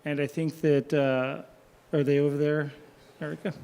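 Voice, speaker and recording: A man's voice: fairly high pitch, little pitch movement, moderate pace, gravelly, darkish tone, smooth. A man chairing a city council meeting, calling up speakers with lots of hesitant fillers. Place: council chamber.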